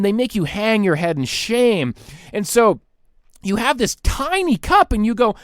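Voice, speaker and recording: A man's voice: sits high, unhurried, no room sound, studio quality. A man in his thirties hosting a podcast, ranting comically and laughing mid-sentence. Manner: animated, laughs mid-sentence, mocks others in put-on voices. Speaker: podcast host. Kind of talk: comedic solo rant.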